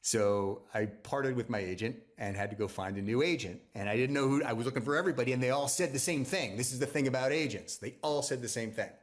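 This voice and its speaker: A novelist with a mid-range voice talks fast with few pauses, recounting the story of his book in a loose, chatty interview. He restarts sentences and acts out other people's lines as quotes, anecdote-style.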